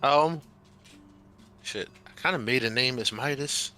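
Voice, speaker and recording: Male tabletop player with a bright, forceful voice, casual and protesting. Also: mid-range voice, a little slow. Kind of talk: casual chat at a tabletop game.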